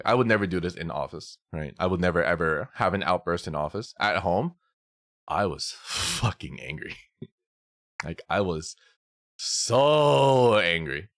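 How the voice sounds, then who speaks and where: A man's voice: sits low, a bit bright, no echo, clean studio sound. A young man chatting casually on a stream, telling a story with swearing, laughter and many restarts. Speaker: VTuber streamer.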